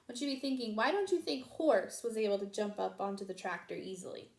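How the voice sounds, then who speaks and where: A woman reading a children's picture book aloud in an expressive, sing-song storytelling manner. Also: mid-range voice, brisk, creaky. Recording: roomy echo.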